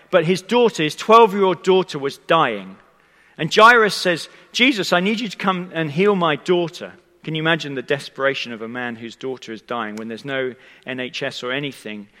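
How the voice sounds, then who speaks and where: A man preaches with a bright, forceful voice, telling the story in a conversational way and turning often to speak to his listeners. His words ring out with a long echo from a church hall. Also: on the high side. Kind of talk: sermon.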